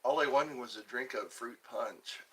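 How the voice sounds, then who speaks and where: A middle-aged man from the United States hosting a casual livestream, slowly rambling and reading out viewer comments. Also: medium pitch, a bit bright, a little hiss or hum. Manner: slow, rambling, chatty. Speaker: livestream host.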